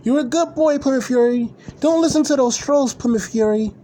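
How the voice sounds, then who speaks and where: A man mimicking doting female fans, using a high sing-song coddling voice. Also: normal speed, mellow, slight background noise. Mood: cooing. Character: mocking cooing female fans, motherly.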